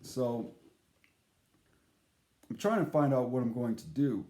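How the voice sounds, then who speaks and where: A man's voice: medium pitch, animated, slow, mellow, echoey room. A man telling a casual, comic story in a rambling, profane way, often breaking off his sentences. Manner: rambling, profane, self-interrupting.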